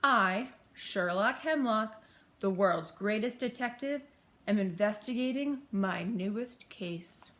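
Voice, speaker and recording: A woman voicing a pompous male detective who declaims slowly and grandly. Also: medium pitch, a bit bright. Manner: grand, declaiming, slow and emphatic. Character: pompous self-proclaimed great male detective.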